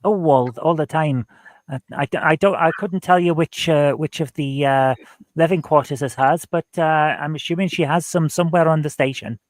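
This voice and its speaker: A man's voice: on the high side, normal speed, no room sound, close to an everyday voice. A man voicing a discreet, chatty Welsh barman who rambles with friendly hesitations.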